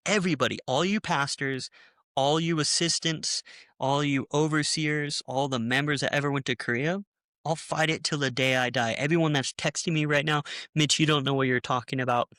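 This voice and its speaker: A young man recounts his break from a church with heated, animated energy, slipping into the voices of the people he quotes. His tone is bright and forceful. The recording is close and dry, with no room sound. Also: a little high, brisk, dry recording. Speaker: former church member telling his story. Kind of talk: personal testimony in a conversation.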